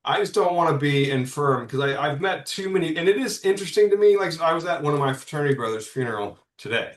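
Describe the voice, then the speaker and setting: Talking fast in an expressive, slightly high voice, a man in his fifties spins stories as a comics publisher guest on a laid-back podcast. He rambles, restarts often, and swears now and then, and the room is echoey.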